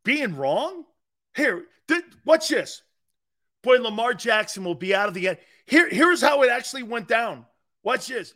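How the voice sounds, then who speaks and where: A man's voice: high voice, lively intonation, measured pace, pauses often, a bit bright. A middle-aged man hosting a sports talk show, telling brash, joking stories and acting out the quotes. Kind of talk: animated sports radio monologue.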